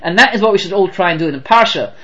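A man teaching a class on the weekly Torah portion, animated and full of rhetorical questions. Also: high voice, very fast, lo-fi sound. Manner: animated, rhetorical questions, mixes Hebrew terms.

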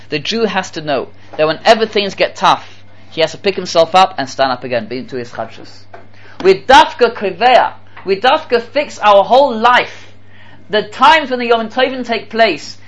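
A man giving a Torah talk as a sermon, animated and repeating phrases for emphasis, with Hebrew terms mixed in. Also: high-pitched. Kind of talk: sermon with storytelling.

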